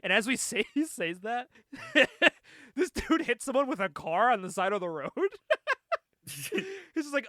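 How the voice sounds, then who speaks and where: A man's voice: sits high, very animated, normal speed, pushed and bright, no room sound, clean studio sound. A man hosting a casual comic review podcast, recapping animatedly, laughing often and acting out quotes.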